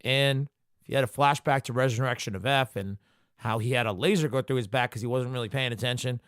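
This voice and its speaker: A man hosting his own podcast, talking in a loose, rambling way and cursing freely. His voice sits at an ordinary middle pitch. The sound is dry, with no room echo. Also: fast talker, fairly bright tone. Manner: profane, jokey, rambling commentary. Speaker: podcast host. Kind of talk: casual solo podcast recap.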